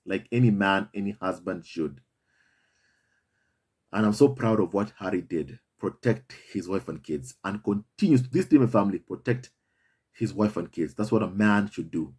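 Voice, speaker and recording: This man hosts a commentary video, his voice fairly low, a little mellow and slightly rough. Calling his viewers family, he delivers an impassioned monologue with emphasis and plenty of repetition.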